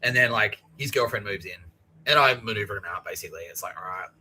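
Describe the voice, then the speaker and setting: Profane man, bright voice. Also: fairly low pitch, quick pace, a little hiss or hum, low-quality recording. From Australia. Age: 30s. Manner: profane, acts out others' lines, laughs often. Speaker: podcast host. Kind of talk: rambling monologue.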